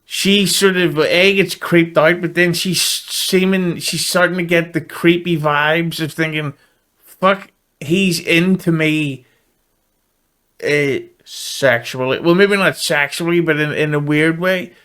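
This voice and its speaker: A man's voice: a little high, steady tone, measured pace, hardly any pauses, a bit bright, clean tone. A tired man speaking as a guest on a casual film-review podcast, blunt and laid-back, swearing freely.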